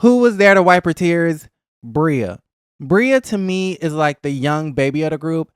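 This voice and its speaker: Gossipy man, smooth and clear, on a dry, close mic. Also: a little slow, no room sound. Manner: gossipy and animated, acting out cast members in a higher voice. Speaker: reality TV recap vlogger. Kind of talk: casual chat.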